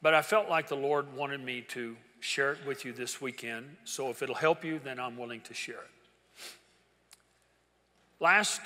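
An older man preaching a sermon as pastor, telling a personal story and swinging from hushed to loud. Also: medium pitch. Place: large church auditorium. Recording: reverberant church hall with congregation.

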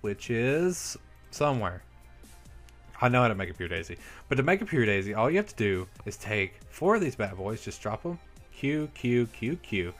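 A man's voice: fairly low pitch, very animated, normal speed. A young man hosting a let's play, chatting casually to viewers about what he is doing in the game. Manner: chatty, upbeat, talks to viewers while playing. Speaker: Minecraft let's play host. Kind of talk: casual gameplay commentary. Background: soft background music.

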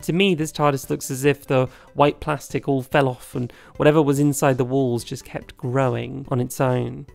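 A man's voice: medium pitch, level tone, normal speed, gravelly, hardly any pauses, a little mellow, faint music behind. A man narrating a scripted video essay in a chatty, wry, opinionated way.

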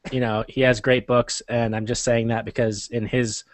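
A man's voice: mid-range voice, little pitch movement, normal speed, no echo. A man co-hosting a casual podcast over a video call, laid-back and dry, steering the talk back on topic. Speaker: podcast co-host. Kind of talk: casual chat. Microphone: computer over a video call.

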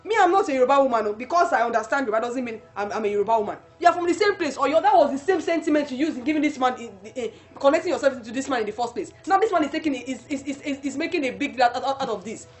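A woman's voice: high-pitched, animated, very fast, few pauses, soft background music. A woman with a Nigerian accent playing a desperate immigrant wife who scolds and pleads in a film drama, slipping into Yoruba. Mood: upset. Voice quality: emotional, mixes in Yoruba phrases. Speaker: Nigerian wife stranded in America. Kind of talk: church film drama acting.

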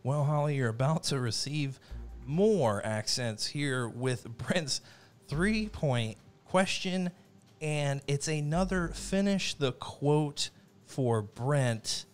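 A man's voice: a little high, animated, slow, faint music behind. A man hosting a trivia game in a playful mock-formal announcer manner. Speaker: trivia game show host.

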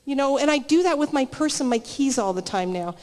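A woman's voice: sits high, animated, brisk, a little mellow. A woman giving a conversational sermon at a church meeting, telling stories in a chatty way with frequent restarts. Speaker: guest speaker at church meeting. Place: church hall, live meeting. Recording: reverberant live church hall.

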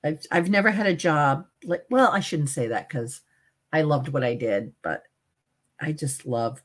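A woman's voice: low-pitched, measured pace. A woman co-hosting a live online sale, chatting and rambling casually. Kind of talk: live selling chat.

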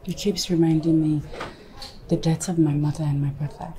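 A woman's voice: deep voice, level tone, moderate pace, mellow, slight background noise, lightly acted. An actress playing a loving young wife with a Nigerian accent, caught between her father and husband, who pleads tenderly. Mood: affectionate. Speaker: wife and daughter. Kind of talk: film drama acting.

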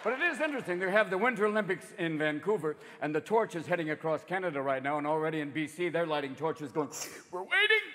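A man in his fifties doing stand-up comedy, rapid and profane, jumping between voices. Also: fairly high pitch, a bit bright, in a large hall. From United States. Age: 50s. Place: large theater stage. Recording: live theater show with crowd noise.

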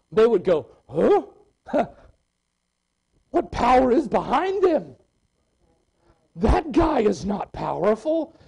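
A man preaches in a church with a high voice. He moves between loud, excited calls and hushed readings of scripture. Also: a little slow, creaky, long pauses, breathy edge, poor audio. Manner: animated preaching, swinging from loud exclamations to quiet scripture reading. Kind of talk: sermon.

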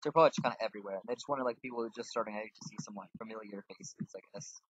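A man's voice: on the low side, very fast, husky, no room sound. A man casually commenting on his game as he plays, rambling and making fun of himself. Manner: rambling, self-mocking, thinks aloud while playing. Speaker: gaming channel host. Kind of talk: casual let's-play commentary. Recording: dull lo-fi dry mic.

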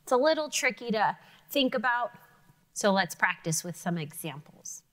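A woman teacher giving an encouraging, clearly spoken lesson to young students. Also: mid-range voice, lively intonation, normal speed, fairly bright tone. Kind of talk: televised classroom lesson for children.

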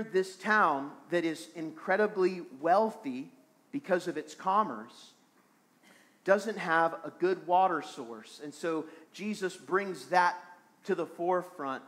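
Man, pastor, earnest sermon, repeats phrases, fairly high voice. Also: fairly bright tone. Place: small church.

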